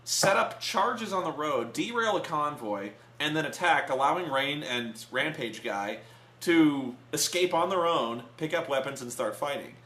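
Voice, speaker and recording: A man chatting casually in a comedic movie review, animated and prone to shouting out quotes. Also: a little high, a little slow, reverberant.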